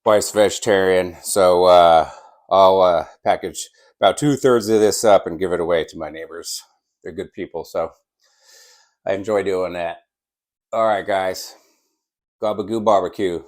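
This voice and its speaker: Male barbecue vlog host, low-pitched, unhurried delivery, eager and chewing between lines. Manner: enthusiastic, savoring the food, talking with mouth full. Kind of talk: casual cooking vlog while slicing and tasting.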